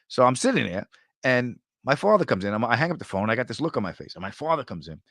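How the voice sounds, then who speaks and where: A New York comedian riffing casually through viewer comments, his pitch swinging widely as the jokes land. He tells stories with sudden high, excited bursts. The sound is dry and close, with no room around it. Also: fast, no room sound. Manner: jokey, animated storyteller with sudden high bursts. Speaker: comedian hosting a live chat.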